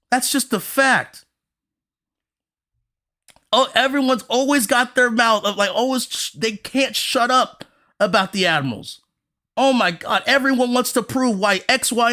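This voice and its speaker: A man's voice: extremely high pitch, moderate pace. A man hosting a podcast, ranting heatedly and profanely, repeating himself and mimicking other people's arguments. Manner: profane, animated, repeats himself, mocks others in quoted voices. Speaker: podcast host. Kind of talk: heated casual rant.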